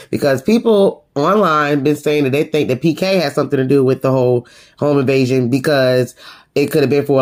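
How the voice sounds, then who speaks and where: A sassy reality TV reviewer giving a casual, slangy recap full of laughter. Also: medium pitch.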